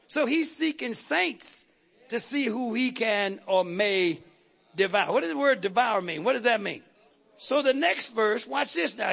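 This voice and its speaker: A man preaching in a church with a very high, bright voice and a gravelly edge. He fires rhetorical questions at the congregation and keeps climbing until he shouts his points. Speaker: pastor. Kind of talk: sermon. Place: church sanctuary.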